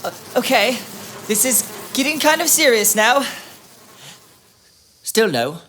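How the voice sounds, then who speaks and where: A man voicing a stubborn Pharaoh in a kids' show skit, refusing in a flat, offhand way. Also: very high voice, slow pace, a little hiss or hum, pitched above the performer's own voice, full character voice. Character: stubborn male Egyptian king Pharaoh.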